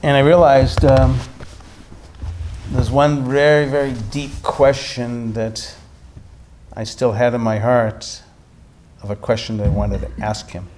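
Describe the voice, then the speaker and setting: A man, a meditation teacher, telling a story in a dharma talk with animated delivery and frequent restarts. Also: mid-range voice, a little slow, slight background noise.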